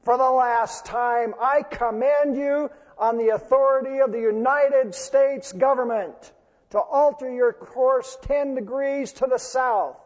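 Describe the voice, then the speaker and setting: A man voicing an indignant, commanding navy captain who shouts orders over the radio. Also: very high-pitched, takes it slowly, big-room sound, voice pushed up.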